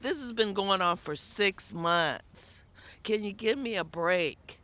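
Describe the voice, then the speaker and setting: A woman tenant giving emotional testimony at an outdoor rally, exasperated and sometimes shouting. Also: mid-range voice, expressive, slow.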